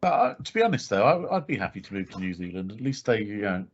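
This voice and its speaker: A man's voice: fairly low pitch, sing-song, fast, highs cut off. A man co-hosting a podcast in casual chat, talking loosely with fillers and frequent laughs. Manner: chatty, laughs often, many fillers. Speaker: podcast co-host.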